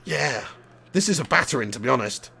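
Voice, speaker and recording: A man's voice: medium pitch, expressive, brisk, gravelly, sharp tone, a little hiss or hum. A young man, a gaming streamer, chatting casually on a live stream, laughing often and reading out chat messages.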